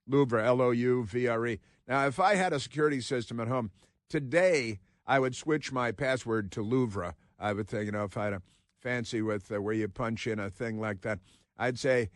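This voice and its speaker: A man's voice: mid-range voice, normal speed, no echo, studio quality. A man hosting a talk radio show, rambling sardonically between headlines he reads aloud.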